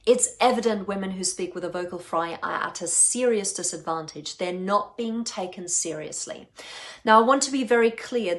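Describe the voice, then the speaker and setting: Woman voice coach, mid-pitched, earnest and emphatic, scripted advice to camera. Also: a bit bright. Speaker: speech and voice coach.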